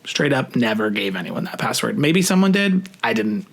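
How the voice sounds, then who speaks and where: A young adult man casually telling a story to camera, chatty and profane, full of "like" fillers, rushing some phrases and drawing out others. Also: medium pitch, sing-song, gravelly. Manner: shifts between rushed and drawn-out phrasing. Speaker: vlogger.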